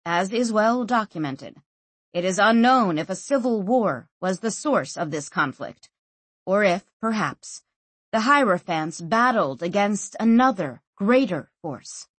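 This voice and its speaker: A woman narrating a fantasy audiobook in an expressive storytelling manner. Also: medium pitch, measured pace, no echo. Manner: expressive, lively storytelling reading.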